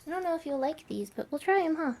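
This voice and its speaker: High, lively woman praising her dog. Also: quick pace, slight background noise. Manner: bubbly baby-talk praise to dogs. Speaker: vlogger training her dog. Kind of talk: casual dog training vlog.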